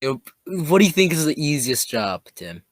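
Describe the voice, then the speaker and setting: A man's voice: on the high side, sing-song, normal speed, dry recording. A young man co-hosting a casual podcast, rambling through his points with lots of fillers. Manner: rambling, many fillers and restarts. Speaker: podcast co-host. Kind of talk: casual chat.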